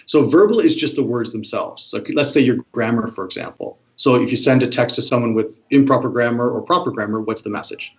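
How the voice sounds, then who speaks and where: A man speaks quickly and eagerly as the expert guest, breaking down how words, voice and looks carry a message. He tries out different ways of saying a greeting to make his point. The sound is slightly dull and lo-fi. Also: medium pitch. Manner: fast, animated, demonstrates tones of voice. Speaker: body language expert guest. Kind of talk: explanatory interview talk.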